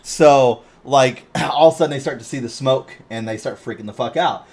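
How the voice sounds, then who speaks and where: A man co-hosting a podcast in casual chat, retelling a story in an animated way, swearing constantly and laughing often. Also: mid-range voice, moderate pace, slightly rough. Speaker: podcast co-host.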